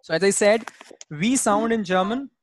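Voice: mid-range voice, normal speed, a little hiss or hum. A German language teacher gives an online class over a video call. The teacher drills each word's pronunciation patiently and repeats it.

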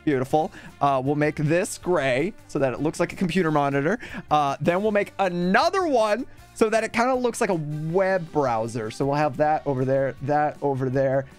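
A man's voice: a little high, normal speed, few pauses, soft background music. A man hosting a gaming video, chatting casually and narrating each stroke as he draws, with playful mock announcer bits. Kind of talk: casual commentary while drawing.

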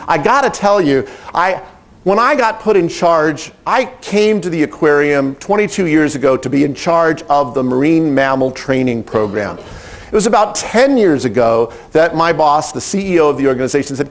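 A middle-aged man who directs animal training, telling a story in a lively, animated way and acting out the quotes. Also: a little high, normal speed. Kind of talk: storytelling talk.

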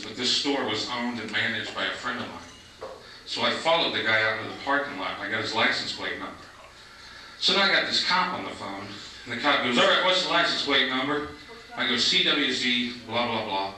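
Deadpan stand-up comic in an echoey club. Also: male voice, mid-range voice. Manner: deadpan storytelling with sudden mock voices. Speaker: stand-up comedian. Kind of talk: stand-up comedy set. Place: comedy club stage before a live audience. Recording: echoey 1990s club recording from a distance, noisy. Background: audience laughter.

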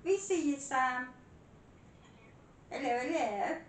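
A woman's voice: lively intonation, slow pace. Friendly British woman, roomy distant sound. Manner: friendly, playful greetings. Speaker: paranormal livestream co-host. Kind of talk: casual livestream chat. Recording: roomy, distant, faint rumble.

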